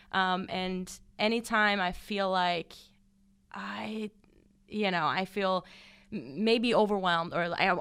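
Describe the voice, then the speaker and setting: A woman's voice: mid-range voice, fairly bright tone, smooth. A young woman from Germany, a volleyball coach, answering interview questions earnestly and thoughtfully. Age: young adult. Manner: earnest, thoughtful, with fillers and light laughs.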